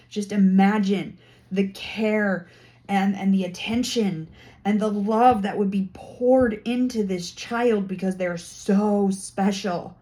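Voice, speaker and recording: A woman's voice: medium pitch, mellow. A woman talking straight to camera in a casual monologue, indignant and emphatic as she builds her case. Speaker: vlogger.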